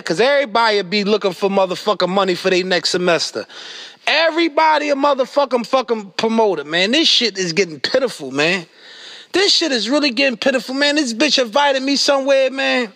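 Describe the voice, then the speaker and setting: A man rants in a comedy outro, exasperated and cursing constantly. His voice sits high and bright, with wild swings in pitch as he keeps jumping into loud outbursts. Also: fairly quick, creaky. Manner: animated, exasperated, swearing constantly, breaks into yelling. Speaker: comedic rapper doing an outro skit. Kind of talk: profane comedic rant.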